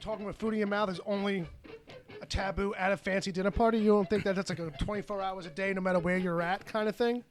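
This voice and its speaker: A man with a high voice hosts a loose podcast from his home. He banters easily with his co-hosts. He talks with food in his mouth while he eats pizza. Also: fairly even intonation, fast, soft background music. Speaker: podcast host. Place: home, kitchen nearby.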